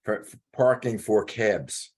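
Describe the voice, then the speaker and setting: An older man, a former cab driver, talking in a casual chat with halting, stammering speech. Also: fairly low pitch, darkish tone.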